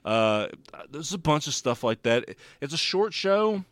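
A man's voice: a little high, sing-song, a little slow, fairly bright tone, dry recording. A man co-hosting a casual chat, retelling a TV show at length with laughs and swearing. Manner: rambling storyteller, laughs, swears. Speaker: podcast co-host reviewing TV shows.

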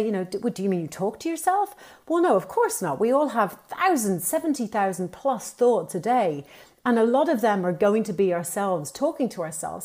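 A woman, a TV presenter and author, talking animatedly as a podcast guest and acting out quoted voices. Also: medium pitch. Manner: animated, upbeat storytelling with playful quoted voices. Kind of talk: conversational podcast interview.

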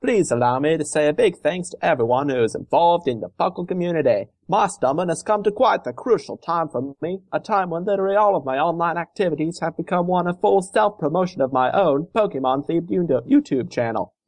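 A man's voice: on the high side, expressive, fairly quick, few pauses, darkish tone, no echo. A man with a put-on English accent reading a fan letter as a cheeky young lad, chirpy and slangy. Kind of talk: reading a listener letter aloud.

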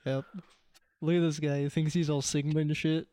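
A man's voice: fairly high pitch, flat delivery, moderate pace, dark tone, clean tone, no echo, studio quality. A young man hosting a casual podcast, teasing his co-hosts and laughing as he mock-accuses them. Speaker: podcast host. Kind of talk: casual banter.

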